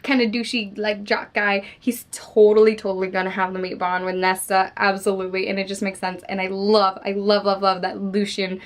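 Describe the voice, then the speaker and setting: A woman holding a casual spoiler discussion of a book she loves, gushing and excitable and swearing freely. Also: medium pitch, a little fast, few pauses. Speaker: book vlogger.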